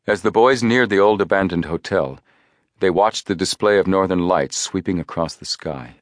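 A man narrating an audiobook with measured storytelling. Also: low voice, dry recording, studio quality. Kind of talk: scripted narration.

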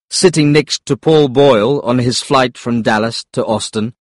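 A man reading a story aloud in clear, deliberate audiobook narration. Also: medium pitch, no echo, studio quality.

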